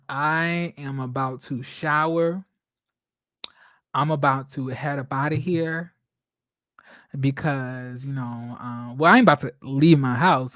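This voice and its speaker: A man's voice: mid-range voice, dry recording. Dramatic storytelling man on a dry stream. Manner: dramatic, expressive storyteller who swears and laughs. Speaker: live stream host. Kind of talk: casual live-stream chat. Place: at home.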